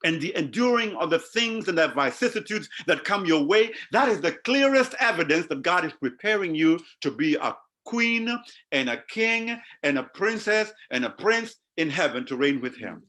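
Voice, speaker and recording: A man preaching a sermon to his congregation, animated and calling out to them, often repeating his words. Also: sits high, normal speed. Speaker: pastor.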